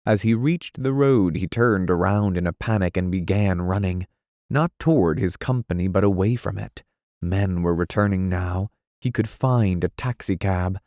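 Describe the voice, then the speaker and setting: A man narrating an audiobook in a measured, dramatic reading style. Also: sits low, a little mellow, no echo, studio quality.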